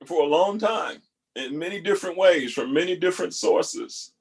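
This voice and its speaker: A man hosting a talk, pausing video clips to reflect earnestly, repeating key phrases for emphasis. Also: high-pitched, breathy edge. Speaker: host reacting to video clips. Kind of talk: reflective spoken commentary.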